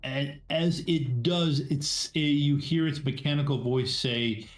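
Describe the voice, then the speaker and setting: Male game master for a live tabletop stream, unhurried and halting, in an echoey room with faint music behind. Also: fairly high pitch. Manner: halting, many fillers and restarts.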